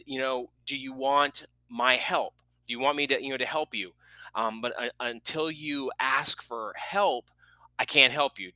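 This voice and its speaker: A man's voice: mid-range voice, sharp tone, no echo, rough recording. A middle-aged man hosting a podcast, telling a family story in a casual way with many fillers and restarts, and moved at times. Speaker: podcast host.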